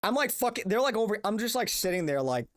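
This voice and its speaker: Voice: medium pitch, very animated, fast talker. A young adult streamer ranting casually, profane, exasperated and rambling. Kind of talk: casual livestream rant.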